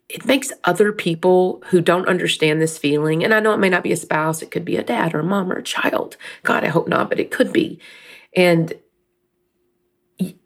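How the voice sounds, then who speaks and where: Middle-aged woman rambling about faith, kinda husky, a bit teary. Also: on the low side. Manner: emotional, candid, rambling. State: teary, crying at times. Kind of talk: personal faith talk.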